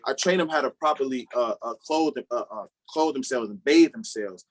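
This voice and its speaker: A man's voice: medium pitch, moderate pace. A man with a Chicago accent, a guest father on a podcast, talking earnestly with many repeated words. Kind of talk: casual podcast interview.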